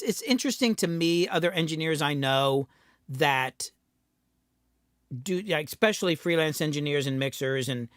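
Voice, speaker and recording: A man's voice: a little high, a bit bright, dry recording, studio quality. Blunt, profane middle-aged man chatting live. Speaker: host, recording engineer and producer. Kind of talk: casual livestream chat.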